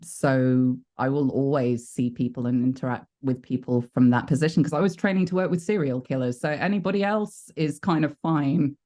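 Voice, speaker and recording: A British woman in her forties speaks openly in an interview. She is a chatty, frank storyteller who is quick to poke fun at herself. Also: a bass voice, dark tone. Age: 40s. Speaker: voice actor guest. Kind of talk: candid interview talk.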